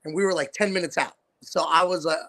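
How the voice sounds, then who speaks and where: Brief: high-pitched, bright-toned male podcast host, animated storyteller who acts out quotes. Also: quick pace. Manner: animated, acts out voices of people in his stories. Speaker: podcast host and wrestling promoter. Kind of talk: casual storytelling chat.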